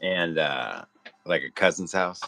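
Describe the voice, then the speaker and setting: A man in casual chat with the host on a livestream, telling a story in a relaxed way. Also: deep voice, unhurried, vocal fry, a little hiss or hum.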